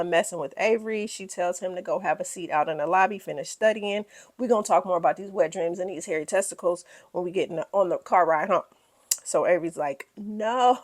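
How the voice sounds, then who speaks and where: A woman recapping a reality TV episode in a sassy, chatty way, talking straight to her viewers. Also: lowish voice. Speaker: recap host.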